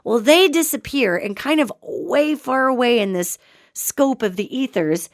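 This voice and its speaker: A woman hosting a podcast and telling a ghost story in an animated, emphatic, casual way. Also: high-pitched, a little slow, no echo, clean studio sound. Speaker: podcast host. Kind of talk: storytelling talk on spirits.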